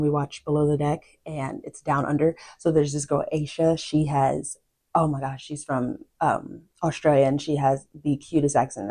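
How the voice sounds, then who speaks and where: Young woman, low voice, mellow tone, casual book vlog chat, quiet asides. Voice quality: chatty, drifting to quiet asides. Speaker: book vlogger.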